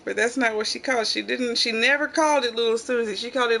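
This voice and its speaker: A middle-aged woman hosting a home channel, telling family stories in casual chat and acting out the quotes loudly. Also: on the high side, fast, vocal fry, slight background noise. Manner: animated storyteller, acts out quotes loudly. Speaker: channel host.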